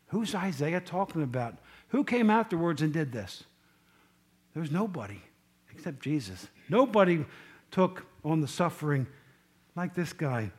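A male preacher delivers a sermon in a fairly high voice. He reads scripture with rising force, then drops low for quiet asides. He keeps putting questions straight to his listeners. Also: moderate pace, slightly rough. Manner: animated, swings between loud scripture reading and quiet asides; asks the congregation questions directly.

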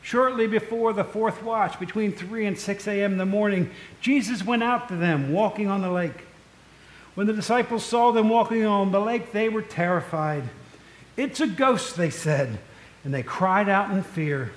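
A man's voice: high voice, normal speed. A man preaching a conversational, storytelling sermon, full of asides to the congregation. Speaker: pastor. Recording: echoey room.

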